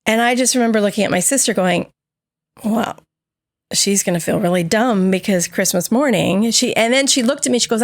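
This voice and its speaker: Woman, podcast co-host, personal storytelling, gravelly, dry sound. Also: medium pitch, brisk, no room sound. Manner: candid, animated, acts out quoted dialogue.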